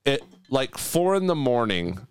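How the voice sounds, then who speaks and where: A man's voice: mid-range voice, sing-song, measured pace, clean tone, no echo, studio quality. A man co-hosting a podcast in casual chat, telling stories with animation and acting out other people's voices. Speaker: podcast co-host.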